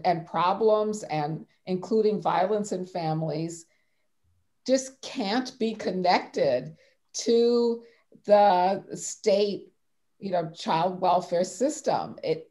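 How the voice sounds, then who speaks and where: A woman speaking as a panelist in an academic discussion, measured and thoughtful, often restarting her sentences. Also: on the low side, dark tone.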